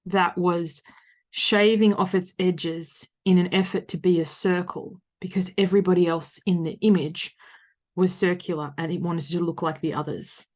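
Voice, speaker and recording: A woman in her thirties with an Australian accent, hosting a solo podcast as a coach and talking loudly, frankly and conversationally. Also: fairly low pitch. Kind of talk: reflective solo podcast monologue.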